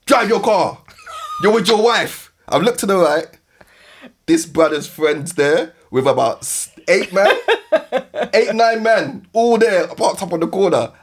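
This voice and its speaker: A man in his thirties with a London accent, hosting a podcast and telling an animated story with frequent laughs. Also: fairly high pitch. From West London. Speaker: podcast host. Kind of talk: casual storytelling chat.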